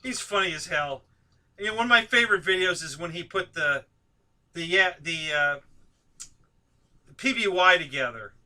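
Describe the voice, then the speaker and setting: A man's voice: a little high, moderate pace, long pauses, pushed and bright. A man hosting a casual live stream chat, talking easily, laughing often and asking his guests questions.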